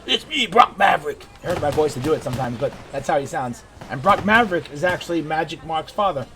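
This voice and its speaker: A man's voice: on the high side, fast. A man giving rambling, digressive commentary while he plays a game. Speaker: gaming video creator. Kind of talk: casual gameplay commentary. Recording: background noise.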